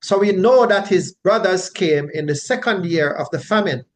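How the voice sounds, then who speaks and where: Male Bible teacher, unhurried and explanatory, slightly high-pitched, faint low rumble in the recording. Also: lively intonation. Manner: unhurried, explanatory, frequent tag questions.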